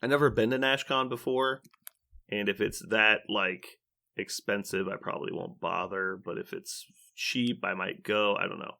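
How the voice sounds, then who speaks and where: A man's voice: fairly low pitch, fairly even intonation, moderate pace, creaky, bright, forceful tone. A man co-hosting a podcast in casual chat, hesitant and thinking aloud. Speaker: podcast co-host.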